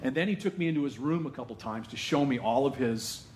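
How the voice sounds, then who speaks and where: A pastor delivers a conversational sermon in a church sanctuary, often turning aside to address the congregation. His medium-pitched voice is animated, fast and a little mellow. The room is echoey, with slight background noise.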